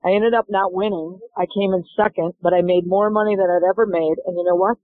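Speaking fairly quickly in a lowish voice with no room sound, a middle-aged golf instructor recounts stories during an interview, lively and acting out the dialogue. The audio is dry and tinny, like a phone line.

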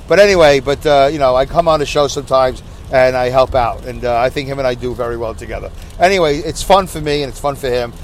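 A podcast host with a fairly high-pitched male voice rambles casually while driving on a rainy highway, filling his talk with fillers and self-mocking asides. It was recorded inside his moving car, with faint road noise and rain in the background.

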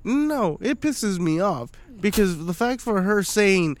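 A young man tells a story on a casual podcast, his voice sitting a little high. He swears freely and keeps breaking into laughter as he goes. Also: expressive, takes it slowly. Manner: profane, laughs often while telling stories. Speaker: podcast co-host.

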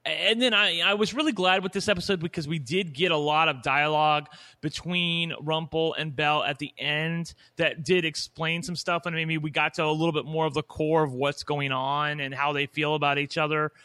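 A man's voice: fairly high pitch, steady tone, moderate pace, hardly any pauses, bright, forceful tone. A man from Indiana co-hosting a TV recap podcast, speaking candidly and opinionatedly in casual chat. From Indiana, USA. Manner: candid, opinionated, trails off and restarts. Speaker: podcast co-host.

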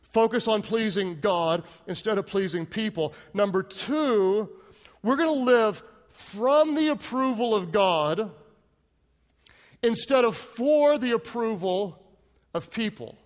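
High-pitched male pastor preaching. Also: animated, takes it slowly, long reverb tail. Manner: emphatic, repetitive preaching with call-and-response. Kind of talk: sermon.

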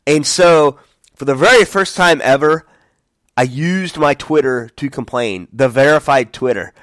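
A man's voice: medium pitch, moderate pace, no room sound. A man in his forties hosting a podcast, telling a frustrated travel story in a casual monologue and acting out the lines of the people he quotes. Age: 40s. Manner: animated storytelling, acts out quotes. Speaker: podcast host.

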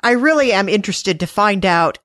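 A woman's voice: mid-range voice, expressive, brisk, a bit bright, no room sound, studio quality. A woman co-hosting a casual fan discussion podcast, easygoing and wry. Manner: easygoing, wry, full of comparisons. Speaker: podcast co-host.

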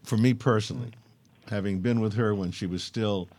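An older man telling stories as a guest, measured and earnest. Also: fairly low pitch, fairly even intonation, darkish tone. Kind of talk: reflective storytelling.

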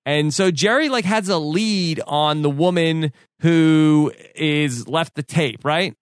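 A man's voice: on the high side, slow, clear, resonant tone, no echo, clean studio sound. A man co-hosting a casual podcast chat, recapping scenes and quoting lines with frequent "like" fillers. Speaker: podcast co-host.

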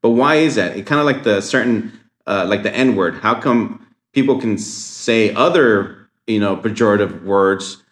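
A man's voice: on the low side, measured pace, roomy sound. A man chatting casually on a podcast, rambling and agreeable with lots of fillers. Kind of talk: casual chat.

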